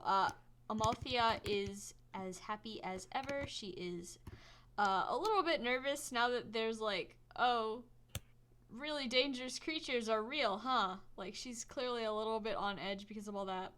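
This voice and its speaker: Woman game master, bright voice, casual chatty narration, light background noise. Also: medium pitch. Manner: casual, chatty, many fillers. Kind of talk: narrating a tabletop game session.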